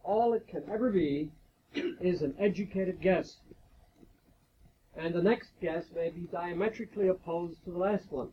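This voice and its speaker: Guy giving a slow careful lecture, kinda high voice, muffled old tape with a faint hiss. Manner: measured, explanatory lecturing with rhetorical questions. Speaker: guest speaker at a faculty retreat devotion. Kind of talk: lecture-style talk on science and faith. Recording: dull lo-fi 1980s tape recording.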